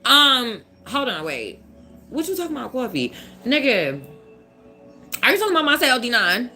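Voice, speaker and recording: A woman tarot reader hosting a casual live stream, loud, profane and teasing, laughing as she talks to viewers. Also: fairly high pitch, sing-song, normal speed, soft background music.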